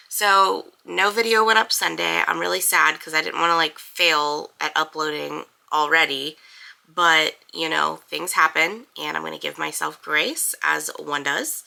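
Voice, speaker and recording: Gravelly, bright-voiced young woman vlogging. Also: low-pitched, poor audio. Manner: rambling, chatty, many fillers. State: congested, with a cough. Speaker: book vlogger. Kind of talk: casual chat to camera.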